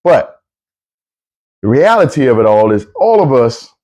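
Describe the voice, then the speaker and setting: A man hosting a casual livestream Bible talk, chatty and excitable, often repeating himself as he greets viewers. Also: mid-range voice, measured pace. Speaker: online show host.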